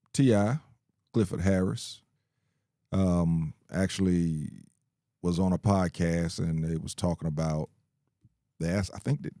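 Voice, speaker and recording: A man co-hosting a casual talk radio show, speaking in a relaxed, conversational way. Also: deep voice, no echo, studio quality. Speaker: co-host.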